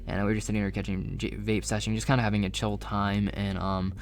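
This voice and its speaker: A man's voice: lowish voice, level tone, quick pace, gravelly, slight background noise. A young man telling a casual storytime monologue, rambling and swearing with plenty of fillers. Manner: rambling, profane, filler-heavy. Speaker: storyteller vlogger.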